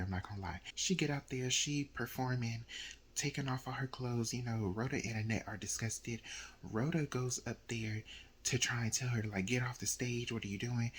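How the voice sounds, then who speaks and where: A young man casually retelling a novel's plot, slipping into quoted lines from the characters. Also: medium pitch. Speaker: book reviewer. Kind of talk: casual book recap. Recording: faint background noise.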